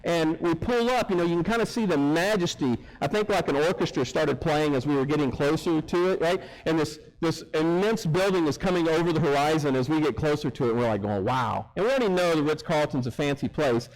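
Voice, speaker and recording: A man preaching a sermon, telling a story in an animated way and acting out the people in it. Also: a little high, a little fast, few pauses, poor audio. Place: church sanctuary.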